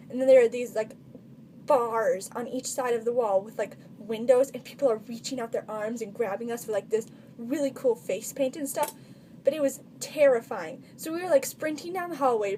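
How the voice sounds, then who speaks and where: A teenage girl chats through her funny stories for a vlog, stringing thoughts together with a constant "like." Her voice sits a little high with a mellow, soft tone. A faint background noise hums under the recording. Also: a little fast. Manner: chatty, constant filler "like". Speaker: vlogger. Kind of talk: casual storytelling vlog.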